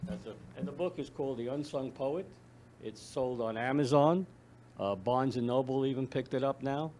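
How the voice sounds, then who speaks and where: A man who is a foundation founder, talking as a guest in a casual interview, halting and often repeating his words. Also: medium pitch, noisy background. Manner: halting, repeats words when speaking freely. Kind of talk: conversational interview, reading poetry aloud.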